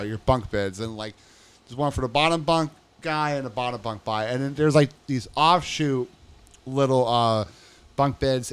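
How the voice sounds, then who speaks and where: A man's voice: medium pitch, clean tone. Profane man telling a rambling story. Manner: profane, rambling, re-enacts quoted dialogue. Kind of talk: casual storytelling chat.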